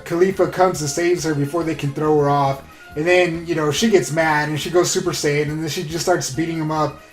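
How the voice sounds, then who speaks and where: A man casually recapping an anime episode in a rambling, excitable way, full of fillers. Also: fairly high pitch. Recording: roomy echo with faint music.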